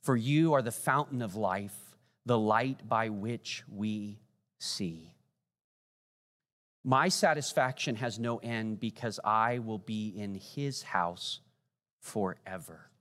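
A man's voice: fairly low pitch, takes it slowly. Earnest preacher man in echoing church. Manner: earnest preaching, rising then dropping to hushed pleas. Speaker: pastor. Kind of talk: sermon before communion. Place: church sanctuary. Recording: long hall reverb.

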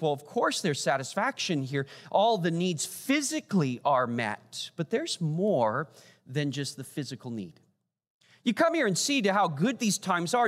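A man preaching a sermon as pastor, animated and rising high for emphasis. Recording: long church hall reverb.

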